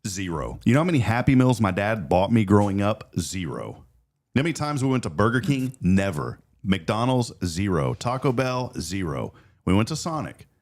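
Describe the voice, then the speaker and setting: A man in his thirties hosts a relaxed morning talk show. He has a lowish voice that swoops up and down as he acts out his stories. He tells them as casual chat. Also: moderate pace. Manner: animated storyteller, acts out voices.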